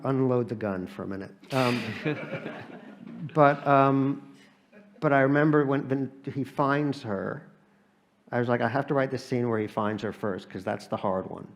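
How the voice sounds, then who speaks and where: Gravelly American man telling wry stories. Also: medium pitch. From United States. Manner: wry comic storytelling with frequent restarts. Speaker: author guest. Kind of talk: live on-stage conversation. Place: live audience event.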